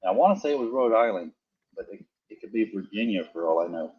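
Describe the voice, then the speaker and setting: A man's voice: on the low side, expressive, fast talker, breathy edge, muffled recording. A middle-aged man co-hosting a live stream, chatting in a goofy, joking, rambling way. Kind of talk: casual live-stream chat.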